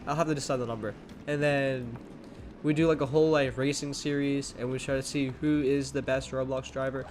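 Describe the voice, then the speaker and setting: A man's voice: medium pitch, level tone, brisk, a little mellow, slight background noise. A young man hosting a gaming channel, giving casual, rambling commentary full of fillers and restarts while sounding a little sleepy. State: sleepy, yawning.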